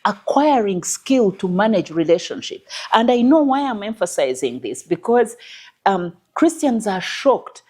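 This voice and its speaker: A woman's voice: mid-range voice, big pitch swings, a little slow, warm tone. A woman psychologist on a discussion panel, speaking in an emphatic, teacherly way, often quoting scripture and repeating her points. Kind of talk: panel discussion on faith and marriage.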